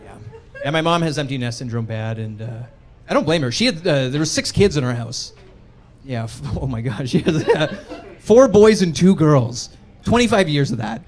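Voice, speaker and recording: A young man from Canada performing a stand-up set in a comedy club, talking in an animated way and jumping into acted-out voices. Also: a little high, normal speed. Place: comedy club stage with a laughing crowd.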